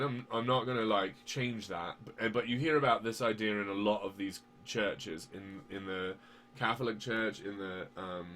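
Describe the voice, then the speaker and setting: A man's voice: fairly low pitch, pushed and bright, slight background noise. A man chatting casually on a podcast, rambling with lots of fillers and swearing, and at times building into heated rants. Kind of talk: casual conversational podcast chat.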